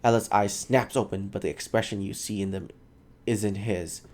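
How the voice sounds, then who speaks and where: A man's voice: lowish voice, fairly even intonation, moderate pace, a little mellow, a little hiss or hum. A man reading game text aloud in a casual, self-mocking way, sometimes stumbling over words. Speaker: gaming channel host.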